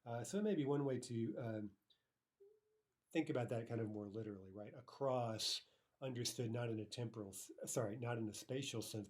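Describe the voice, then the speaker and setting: A man teaching a recorded language lesson, explaining grammar step by step, checking in with "right?" and repeating example phrases slowly and carefully. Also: mid-range voice, a little mellow. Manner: explanatory, frequent "right?" checks, slow careful Russian repetitions.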